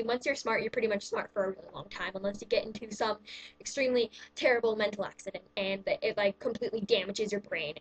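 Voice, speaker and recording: Woman, vlogger, fairly high voice, casual ranting, sarcastic, exasperated, says "like" often. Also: highs cut off. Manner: exasperated, sarcastic, heavy use of "like". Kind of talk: casual ranting countdown list.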